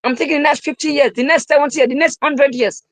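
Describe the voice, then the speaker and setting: A man's voice: extremely high pitch, fairly even intonation, fast, no room sound, low-quality recording. Emphatic young man preaching in a dry voice. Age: young adult. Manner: emphatic and repetitive, preaching, rising to shouts. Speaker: motivational speaker. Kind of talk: live-streamed motivational talk.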